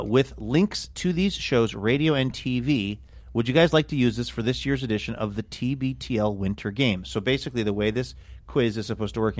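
A man's voice: medium pitch, dry recording. A man co-hosting a podcast in casual chat, rambling and playful as he runs a quiz. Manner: rambling, playful, self-mocking. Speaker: podcast co-host and quizmaster.

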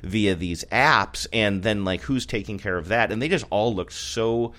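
Deep-voiced man in rambling chat. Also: a little slow, bright, forceful tone. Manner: rambling, self-correcting, laughs often. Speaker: podcast co-host. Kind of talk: casual chat. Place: North Seattle area.

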